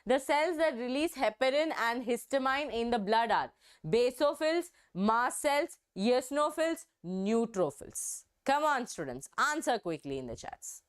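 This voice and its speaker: Woman, online biology tutor, high and smooth voice, coaxing and repetitive. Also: expressive, unhurried. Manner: coaxing, repeats key words to stress them. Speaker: online exam-prep teacher. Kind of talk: live online biology class.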